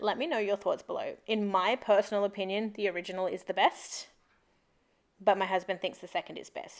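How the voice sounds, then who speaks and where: A young adult Australian woman narrating a planner video in a chatty, rambling, upbeat voice-over. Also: mid-range voice. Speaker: planner vlogger.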